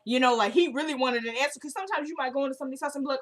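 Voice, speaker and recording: A woman's voice: sits high, rapid-fire, a bit bright. A young woman talking casually to her camera, recapping a TV episode in a chatty way, laughing and acting out the characters' lines. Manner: chatty, laughing, retells scenes in quoted dialogue. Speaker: TV recap vlogger. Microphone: camera mic at home.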